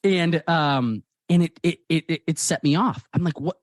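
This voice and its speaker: A man, a guest author, telling personal stories in a lively conversational way and acting out the dialogue. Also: fairly high pitch, normal speed, no room sound, studio quality. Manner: animated, acts out quoted dialogue. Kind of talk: conversational storytelling.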